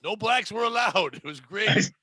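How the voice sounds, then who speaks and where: A man hosting a comedy podcast, teasing his guests with loud, profane banter. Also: sits high, expressive, moderate pace, no room sound. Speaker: podcast host.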